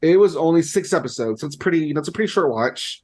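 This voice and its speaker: A man's voice: fairly high pitch, expressive, fast talker, a little mellow. A young man co-hosting a podcast in casual chat, rambling, amused and full of "like". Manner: rambling, heavy use of "like", amused. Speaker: podcast co-host.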